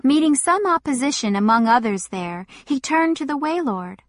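A woman narrating a novel in a measured, deliberate first-person reading. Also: high-pitched, expressive, no room sound, studio quality. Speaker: audiobook narrator. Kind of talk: scripted narration.

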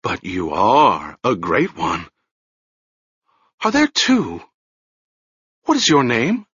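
A man voicing a ragged, half-mad old woman with a hoarse, shrill voice and a rambling, fearful way of speaking. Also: huge pitch swings, takes it slowly, a bit bright, no room sound, dull audio, exaggerated voice. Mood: wild, awed.

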